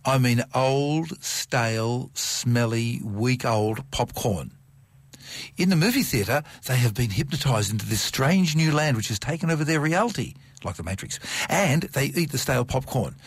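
A middle-aged man talking science on radio, animated and piling up vivid examples. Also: mid-range voice, dry recording. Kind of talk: enthusiastic radio science chat. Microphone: studio microphone.

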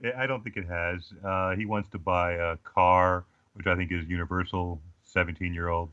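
A man's voice: low-pitched, fairly even intonation, normal speed, pushed and bright, no echo. A man in his forties with an Australian accent, telling comic stories in a casual chat as a guest, with a dry joking manner. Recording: slightly dull lo-fi sound.

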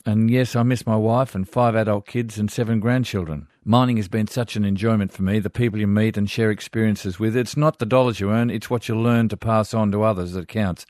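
A man's voice: on the low side, fairly even intonation, brisk, hardly any pauses, dry recording. Australian male radio host, older, chatty letter reading, dry close sound. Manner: warm chatty asides, chuckling.

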